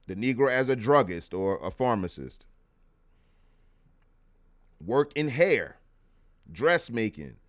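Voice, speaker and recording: A man hosting a live history show, talking in a casual, animated way with slangy asides. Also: mid-range voice, takes it slowly, pauses often. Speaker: host.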